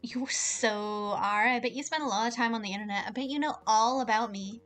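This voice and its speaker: A woman's voice: a little high, brisk, fairly bright tone, soft background music, natural voice. A woman voicing a smug, playful young woman who turns into a cat and is an internet celebrity, speaking in a teasing, showy way.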